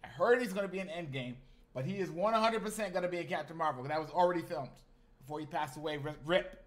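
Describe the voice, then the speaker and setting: A male streamer around his thirties, chatting casually and with lots of slang. His voice sits slightly higher than most men's, and he keeps turning to address his viewers directly. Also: fast. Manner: animated, slangy, talks to chat. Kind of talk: casual live-stream chat.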